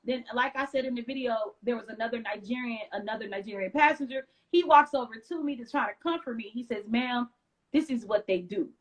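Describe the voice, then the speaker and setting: A woman from the United States recounts her story as an interview guest, her voice pitched high. She talks in an animated way and slips into the voices of the people she quotes. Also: fairly quick, low-quality recording. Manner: lively retelling with acted-out quotes.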